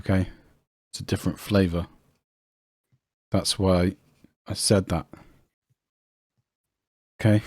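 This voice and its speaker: Male podcast co-host, low voice, playful, dry close mic. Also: steady tone, measured pace, pauses often, a little mellow, no echo. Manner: enthusiastic, laughs easily, mock-serious. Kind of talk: casual chat.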